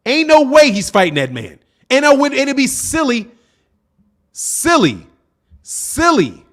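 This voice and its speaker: A man hosting a boxing livestream in a fairly high voice. He reads viewer comments aloud and answers them bluntly, calling people out and repeating himself for emphasis. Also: huge pitch swings, a little slow, a bit bright. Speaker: boxing channel host. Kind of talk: livestream commentary reading chat.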